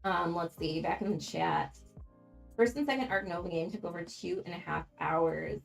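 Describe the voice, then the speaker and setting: Casual female streamer, mid pitch, gravelly fry, chatty and frank, faint music underneath. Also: moderate pace. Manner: chatty, frank, frequent ums and laughs. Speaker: board game channel host. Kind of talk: casual livestream chat.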